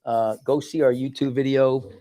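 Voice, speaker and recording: A man's voice: medium pitch, normal speed, dry recording. A man hosting a casual podcast as a doctor, rambling and restarting his words as he talks. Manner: tells stories with animated quoted voices.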